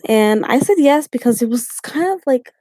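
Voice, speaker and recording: A woman's voice: sits high, lively intonation, moderate pace, warm tone, no room sound. A young woman from Haiti, a YouTube vlogger, telling a story in casual live-stream chat with fillers and laughs.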